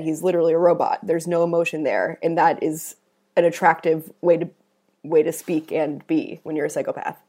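A woman's voice: deep voice, warm tone. A woman co-hosting a casual true-crime discussion, explaining her points in a thoughtful way. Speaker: podcast co-host.

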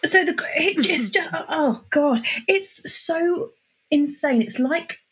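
A woman's voice: high-pitched, lively intonation, takes it slowly. A woman podcast co-host, chatting casually in an exasperated, sarcastic way. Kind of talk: casual chat.

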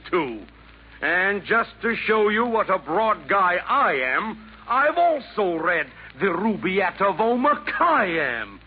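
A vain, boastful Nero sent from hell. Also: male voice, sits high. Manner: theatrical, rhyming bluster with sudden swings. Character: vain boastful emperor Nero, a devil's hired killer. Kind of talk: 1940s radio acting. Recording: tinny 1940s radio broadcast with faint hiss.

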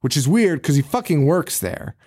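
A man's voice: a little high, big pitch swings, moderate pace, warm tone, breathy edge. A man hosting a podcast, recapping a movie in casual chat, swearing often, laughing and acting out the characters' lines. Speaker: podcast host.

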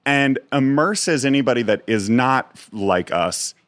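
A man's voice: mid-range voice, animated, a bit bright, no room sound. Self-deprecating man on a dry studio mic. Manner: self-deprecating, halting with restarts. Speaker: guest comedian. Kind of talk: casual podcast chat.

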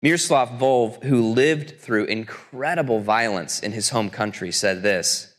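A man preaching a sermon as pastor, telling a story earnestly and slowing down for quotations. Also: lowish voice. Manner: earnest storytelling, slows for quotes. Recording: long church reverb.

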